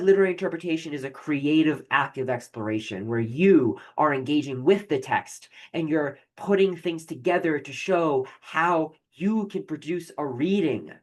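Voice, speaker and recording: A professor giving a recorded literature lecture, explaining with frequent fillers and restarts and reading poetry aloud slowly. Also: medium pitch.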